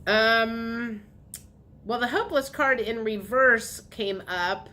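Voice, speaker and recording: A woman's voice: a little high, slow, sharp tone, a little hiss or hum. Chatty woman giving a tarot reading. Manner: chatty, repetitive, acts out voices of the viewer. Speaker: tarot reader. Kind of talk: casual tarot reading monologue.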